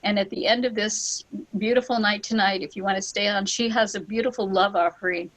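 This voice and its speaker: A woman leading a spiritual online gathering, telling a story with lively acted-out quotes and laughs. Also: medium pitch, fairly quick, rough recording. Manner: animated, acts out quoted voices with laughs. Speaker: spiritual teacher and ceremony leader. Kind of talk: storytelling talk on an online call.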